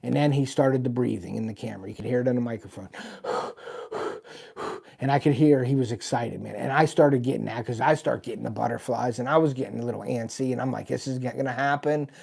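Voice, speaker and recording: A man's voice: medium pitch, quick pace, vocal fry, few pauses, a little mellow, slightly rough. A middle-aged man, hosting a live stream and telling a long hunting story in a casual, rambling way with many "and, uh" fillers. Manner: rambling, folksy, lots of "and, uh". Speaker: host of a hunting channel.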